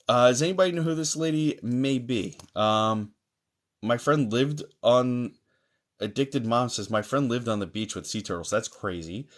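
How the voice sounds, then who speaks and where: A man with a mid-range voice hosts a live-stream mediumship session. He greets viewers by name and reads the chat aloud, chatty and full of fillers.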